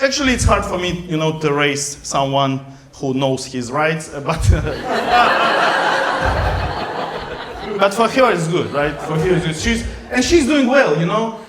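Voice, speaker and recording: A middle-aged man who is not a native English speaker, performing a stand-up set in broken English on a club stage. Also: on the high side. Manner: broken English, animated, shouts to the crowd near the end. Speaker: stand-up comedian. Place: comedy club stage in front of a live audience. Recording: roomy club sound with crowd laughter and noise. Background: audience laughing, room noise.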